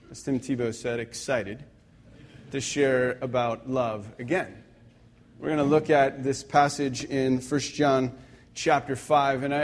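Young male pastor, conversational sermon delivery, light self-deprecating humor, slightly raised pitch.

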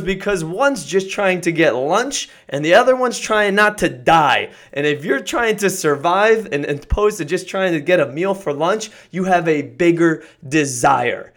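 A male podcast host delivers an emphatic motivational monologue. His voice sits a little high. He pushes hard on key words and climbs into excited shouts.

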